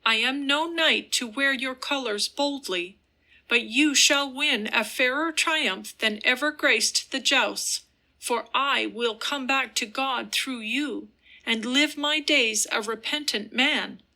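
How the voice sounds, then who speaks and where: A tormented young man pours out earnest, impassioned vows, read by a woman narrator. The pace is unhurried and the tone bright. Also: high-pitched, heavily acted. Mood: devoted.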